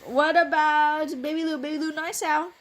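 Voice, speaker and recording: A woman's voice: high-pitched, little pitch movement, moderate pace, slight background noise. A woman whose first language is Vietnamese, a mother playing a bedtime game with her toddler, coaxing, playful and laughing often as she switches between two languages at home.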